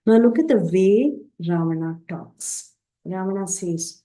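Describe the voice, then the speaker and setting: A woman retelling a scripture story in a class, slowing down for quoted speech and stopping to explain terms. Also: mid-range voice, animated, warm tone, rough recording. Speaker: scripture teacher.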